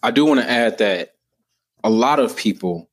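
A man's voice: medium pitch, animated, normal speed. A man in his thirties, a podcast guest sharing heartfelt personal stories in an earnest, emphatic way that rises with feeling.

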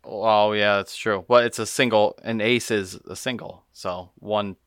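A man's voice: fairly low pitch, steady tone, a little slow, a bit bright, clear, resonant tone, no room sound, clean studio sound. A man co-hosting a podcast, chatting casually and tossing in wry, jokey asides. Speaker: podcast co-host. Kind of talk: casual chat.

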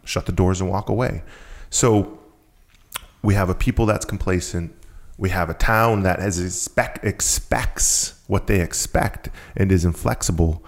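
A man's voice: low voice, a little slow. A man who is a guest on a conversational show, telling a story casually and with energy, often restarting and repeating phrases.

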